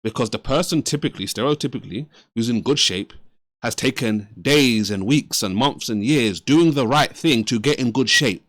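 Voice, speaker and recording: A man's voice: medium pitch, normal speed, a bit bright, dry recording. A man hosting a reaction video, giving earnest, preacher-like commentary and asking and answering his own questions. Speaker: reaction channel host.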